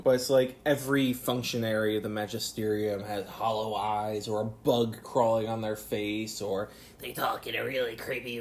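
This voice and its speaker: Male TV reviewer, casual solo vlog, wry and rambling, mid-range voice. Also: mid-range voice. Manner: rambling, sarcastic, self-questioning; mimics characters in quick put-on voices.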